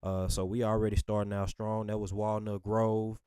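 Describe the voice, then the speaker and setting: A man giving relaxed, rambling reaction commentary on a rap album as the host of his channel. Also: fairly low pitch, normal speed, clean tone, no room sound, studio quality. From Southern United States. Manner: laid-back, rambling, full of "you know what I'm saying".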